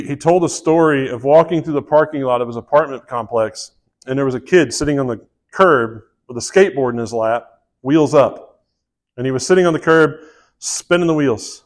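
A man preaching a sermon in a folksy, conversational way, with asides and restarts. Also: mid-range voice. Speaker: pastor.

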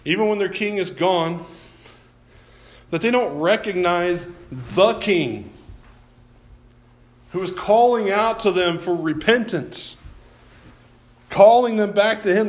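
Folksy preacher with a high voice. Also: male voice, takes it slowly, pauses often, reverberant. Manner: folksy, self-deprecating, repeats words. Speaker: pastor. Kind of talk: sermon.

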